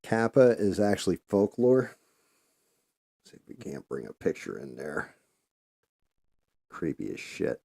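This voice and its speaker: A man's voice: deep voice, big pitch swings, measured pace, creaky, long pauses, warm tone, slightly rough. A man hosting a casual painting livestream, rambling loosely and swearing freely.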